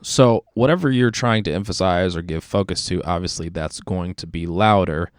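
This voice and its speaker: A man with a low, smooth voice walks through his work in a relaxed tutorial, filling his sentences with easy little hedges. He sounds close to the mic in a dry, deadened space. His tone is explanatory and unhurried. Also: no echo, soft background music. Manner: relaxed, explanatory, many fillers like kinda. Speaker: music production teacher. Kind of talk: screen-recorded production tutorial.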